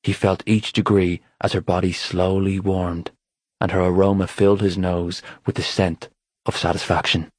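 A man narrating an audiobook in a steady, even storytelling voice on a close mic. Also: deep voice, moderate pace, no room sound. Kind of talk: scripted narration.

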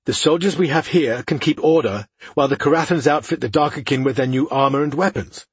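A proud, defensive male lieutenant, put on by a male narrator speaks up in a raised voice, slow and emphatic, brushing off any criticism. His voice carries a husky grain and sounds dry and close. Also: a little high, no room sound, voice pushed up.

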